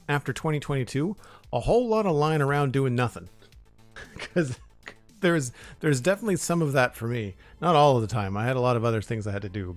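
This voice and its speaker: A man chatting casually on a live stream as he builds Lego, friendly and talkative, stopping often to thank his supporters by name. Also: medium pitch.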